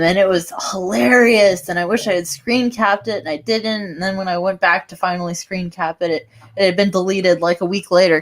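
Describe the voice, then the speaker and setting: Low-voiced woman ranting with a laugh. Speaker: guest author. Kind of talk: casual chat.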